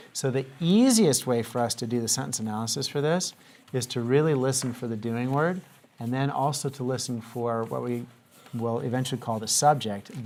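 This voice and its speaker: A man's voice: mid-range voice, a little mellow. Patient male teacher quizzing a class. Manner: patient, asks questions and has students repeat. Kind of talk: classroom lesson.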